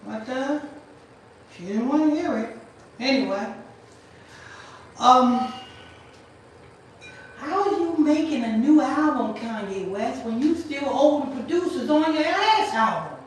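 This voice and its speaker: A woman hosting a commentary stream, rambling and repeating herself as she rants loudly and questions a voice assistant. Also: high voice, expressive, slow pace, long pauses. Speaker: channel host. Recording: echoey room, far from mic, faint noise.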